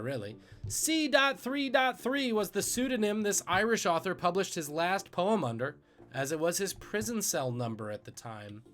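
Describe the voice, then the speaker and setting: Jokey, animated male trivia host. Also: mid-range voice. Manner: jokey, animated, swings between loud and muttered asides. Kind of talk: live-streamed trivia hosting.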